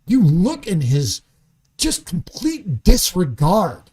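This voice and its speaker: A man's voice: high voice, huge pitch swings, takes it slowly, dark tone, slightly rough. A man as a podcast guest in a studio, talking in an angry, profane rant and often restarting his sentences. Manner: repeats words and restarts sentences. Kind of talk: casual podcast conversation.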